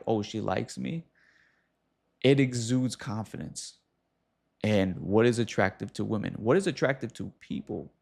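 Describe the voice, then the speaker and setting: A man hosting a casual advice talk, speaking straight to the viewer with quick asides and acted-out examples. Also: medium pitch, creaky, darkish tone. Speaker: host.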